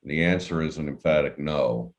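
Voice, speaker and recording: A man with an extremely deep voice moderates a webinar panel discussion. He talks in a measured, deliberate way and chooses his words carefully as he passes questions to the panel.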